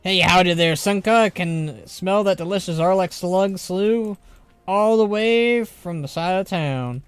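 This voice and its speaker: A man's voice: high voice, a little slow, clear, resonant tone, dry recording. A man voicing a cheerful, chatty male mole trader in a put-on American Southern drawl. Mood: hearty. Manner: hearty drawl, loud and bouncy.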